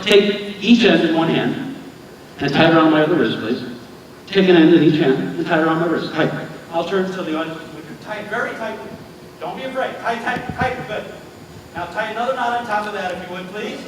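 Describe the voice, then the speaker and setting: A man's voice: sits high, a little fast. A man performing as a stage magician, chatting and joking with volunteers in front of a live audience. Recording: echoey theater hall from far off, audience noise.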